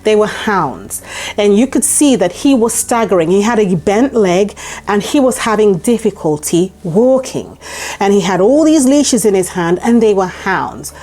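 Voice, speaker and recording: A woman's voice: medium pitch, lively intonation, measured pace, dark tone. A woman vlogger telling a personal story to camera, emphatic and repeating her points for stress.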